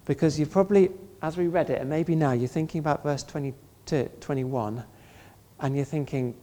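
Preacher, sermon, earnest, conversational, asks the room questions, mid-pitched voice. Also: moderate pace, mellow. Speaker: pastor.

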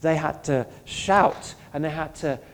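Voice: mid-range voice, measured pace, slight background noise. A pastor preaching a sermon in an earnest, conversational way, often asking the listeners questions.

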